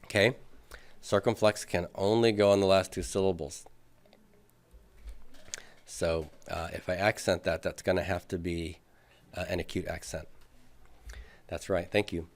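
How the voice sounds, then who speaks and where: A man's voice: sits low, fairly even intonation, unhurried, long pauses. A man teaching a Greek grammar class, patiently working through examples at the board and asking his students questions. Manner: patient, thinks aloud with many fillers, asks students questions. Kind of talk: classroom lecture.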